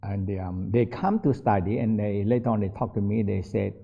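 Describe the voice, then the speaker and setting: A man's voice: on the low side, a little fast, gravelly. An older man who is not an English speaker tells stories in a casual workshop as a meditation teacher, in broken English and laughing often. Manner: non-native English, broken grammar, frequent laughs. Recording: dull lo-fi recording.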